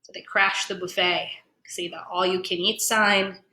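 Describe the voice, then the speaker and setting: A woman museum educator reading a children's story aloud, playful and animated, explaining words as she goes. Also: fairly low pitch, measured pace. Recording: echoey room.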